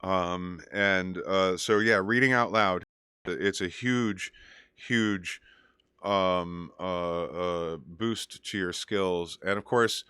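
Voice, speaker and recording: Deep-voiced and speaking very slowly, this man sounds pushed and bright yet smooth, recorded clean in a studio without echo. Hosting a casual music show as DJ, he gives advice and tells stories, rambling with lots of fillers and restarts.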